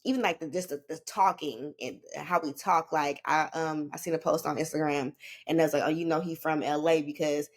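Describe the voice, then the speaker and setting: Female podcast guest, slightly low pitch, relaxed slangy delivery. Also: a little fast. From Northern California. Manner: laid-back, slangy, rambling with fillers. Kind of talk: casual chat.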